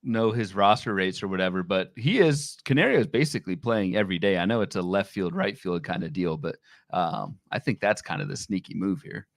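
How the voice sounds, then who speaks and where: A man co-hosting a fantasy baseball podcast, talking casually and animatedly with quick restarts. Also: sits low, creaky, no room sound, clean studio sound. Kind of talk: casual sports chat.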